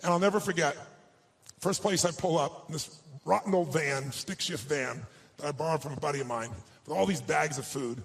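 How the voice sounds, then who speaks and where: A man giving a motivational speech and telling a personal story to an audience. He sounds heartfelt, slows down for emotional moments, and turns persuasive and rallying. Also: on the high side. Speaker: motivational speaker.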